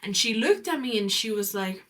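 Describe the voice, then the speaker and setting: A podcast host tells a personal story candidly and reflectively, dropping casual fillers along the way. Her voice is medium-pitched and fairly bright, with lively intonation and a moderate pace.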